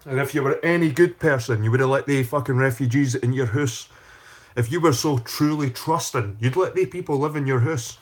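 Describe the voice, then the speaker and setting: A man with a husky, slightly rough voice sits in the middle of the male pitch range. He hosts a casual livestream, swearing freely as he rambles and circles back over the same phrases. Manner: profane, rambling, repeats phrases. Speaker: channel host.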